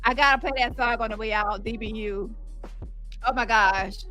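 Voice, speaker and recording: A woman's voice: on the high side, normal speed, bright, forceful tone, soft background music. A woman hosting a reaction commentary stream on a phone, mocking and sarcastic as she reacts in disbelief. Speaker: commentary show host.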